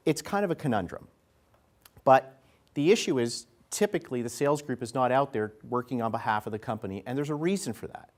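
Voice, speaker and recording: A keynote speaker at an event venue gives a conversational, folksy business talk before a live audience, acting out what salespeople and executives say. His mid-range voice is animated and fairly quick.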